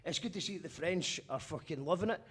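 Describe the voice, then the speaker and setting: A man's voice: on the high side, fast, husky. A man with a Glaswegian accent hosting a casual live-stream interview, chatty and loose with the odd swear word. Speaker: radio host. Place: abroad, streaming live remotely.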